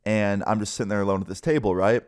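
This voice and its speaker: A young man tells a personal story straight to camera for a casual storytime vlog. He's animated, his pitch shifts quickly, and he swears casually.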